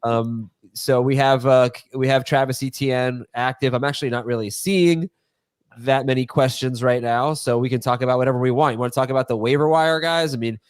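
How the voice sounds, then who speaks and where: A man's voice: medium pitch, steady tone, brisk, smooth, no echo. A man hosting a live sports Q&A show in a loose, chatty way, reading viewer questions. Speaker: host. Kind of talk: casual live Q&A chat.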